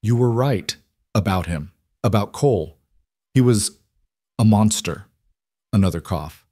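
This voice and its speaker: A man voicing a dying young outlaw in a cowboy storybook who speaks weakly and haltingly. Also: fairly low pitch, a little mellow, dry recording, studio quality. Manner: weak, halting, coughing between words. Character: dying young male outlaw, bitter, broken.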